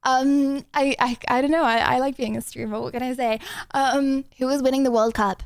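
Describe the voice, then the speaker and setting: Speaking at normal speed in a steady, smooth tone, a young woman with a high, bright voice rambles and giggles through casual chat with her stream, restarting often and saying um a lot. Her desk mic captures her dry and up close, with no room sound.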